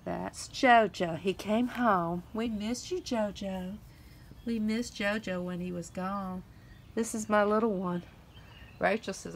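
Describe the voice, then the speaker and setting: A woman with a drawl coos and chatters at her cats in sing-song baby talk. She is recorded outdoors on a phone camera, with a faint hiss of outdoor noise behind her. Her pitch sits in the middle range. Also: fairly even intonation, takes it slowly, poor audio. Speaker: vlogger. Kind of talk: casual pet vlog. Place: outdoors by a house.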